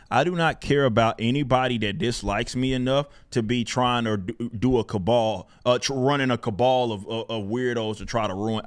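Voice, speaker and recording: A man hosting his own channel, venting in casual, profane, exasperated commentary and often breaking into laughter. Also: fairly low pitch. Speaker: channel host.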